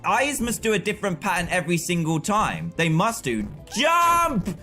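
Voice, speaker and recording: A man streaming live gameplay with excitable, frustrated commentary, often yelling at the game. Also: high voice, moderate pace, soft background music.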